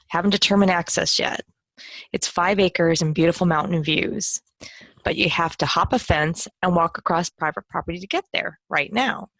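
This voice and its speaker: A woman with a fairly low voice co-hosts a casual podcast and reads a listener's question aloud. The sound is dry and close. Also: a bit bright, no echo. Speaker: podcast co-host.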